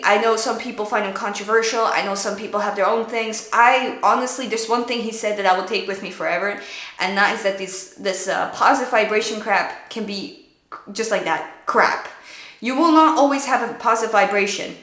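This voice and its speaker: A woman streamer giving blunt, profane advice in a casual storytime, often mock-yelling at the voice in her head. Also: medium pitch, moderate pace. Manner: blunt, profane, animated, mock-yells at her own thoughts. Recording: echoey room.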